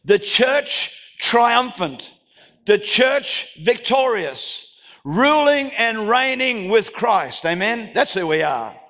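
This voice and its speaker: Gravelly Australian pastor preaching in a hall. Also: male voice, high voice, big pitch swings, takes it slowly. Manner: preaching with call-and-response and shouted declarations. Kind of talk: sermon. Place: church hall. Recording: church hall reverb.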